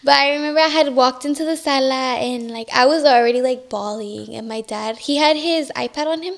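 A young woman telling her story as a guest in a casual interview, soft-spoken and emotional, tearful at times, with many fillers. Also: sits high, brisk, creaky. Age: young adult.

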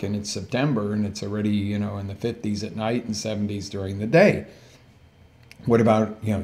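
A man's voice: lowish voice, warm tone. A man hosting a live health coaching show, chatty, peppering the viewers with questions and correcting himself as he goes. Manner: chatty, asks the audience many questions, self-corrects. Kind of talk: casual live-stream talk.

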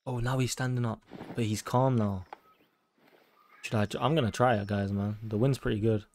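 A young man giving casual, sweary commentary on a hunting game and taunting the animals loudly. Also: lowish voice, fairly even intonation, normal speed. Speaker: gaming YouTuber.

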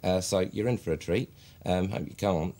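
An actor playing a stiff, self-important publisher who became a wooden amateur actor, giving a deadpan mock documentary interview. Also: male voice, low-pitched, normal speed. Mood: smug. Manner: deadpan, pompous.

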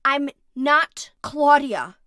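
A woman's voice: sits high, lively intonation, drawn-out words, pushed and bright, no echo, clean studio sound, full character voice. An actress playing a determined young woman in a game, terse and guarded. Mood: defiant. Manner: terse, defiant.

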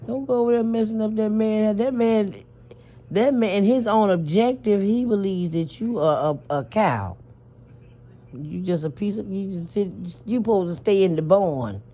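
A vlogger from New Orleans talks to her phone from bed at night in a warm, mid-range voice at normal speed. Her late-night confession wanders, with stammering, emphasis and plenty of swearing. The audio is muffled and lo-fi.

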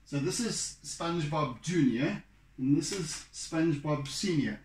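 A man thinking aloud as he demonstrates a drawing, musing and halting, with plenty of fillers. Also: a little high, animated. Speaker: art teacher. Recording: roomy room echo.

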